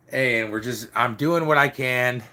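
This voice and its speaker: A man's voice: medium pitch, bright, forceful tone. A middle-aged man casually telling a rambling story, peppered with "dude" and "like". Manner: rambling, swears mildly, says "dude" and "like" often. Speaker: storyteller recounting biker club days.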